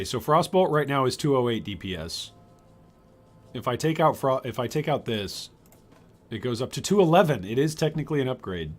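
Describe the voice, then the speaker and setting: Lively older man streaming a game. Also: mid-range voice. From Michigan. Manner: chatty, reads chat aloud, bursts of excitement. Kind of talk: live gameplay commentary.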